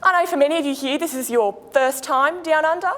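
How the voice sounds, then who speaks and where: A woman with an Australian accent playing a chatty flight attendant in a comic speech, broad and slangy with deadpan jokes. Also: high voice, brisk. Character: brash chatty female Aussie flight attendant. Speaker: speech contestant. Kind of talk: comic after-dinner speech in character. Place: large hall. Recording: echoey hall.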